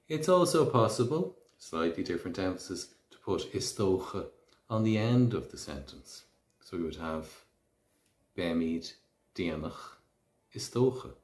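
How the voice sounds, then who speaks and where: Man, language teacher, low voice, unhurried, careful over each phrase, roomy echo. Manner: slow, careful pronunciation of example phrases. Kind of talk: language lesson.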